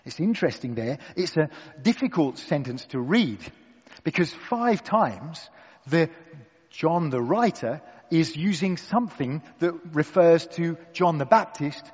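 A man preaching a sermon to a gathered room, deliberate and emphatic with dramatic pauses. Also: fairly high pitch, animated, breathy edge, long reverb tail, dull audio. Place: church hall with an audience.

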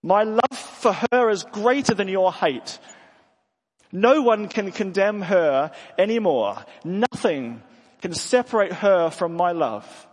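A man voicing Jesus as a stern, protective figure speaking with calm authority. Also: sits high, slow, full character voice. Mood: firm. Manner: firm, quiet, commanding. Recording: long hall reverb.

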